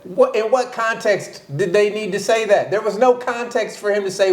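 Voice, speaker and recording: A man's voice: sits high, animated, moderate pace. A man co-hosting a podcast who challenges his partner in argumentative casual conversation. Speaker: podcast co-host. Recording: echoey room.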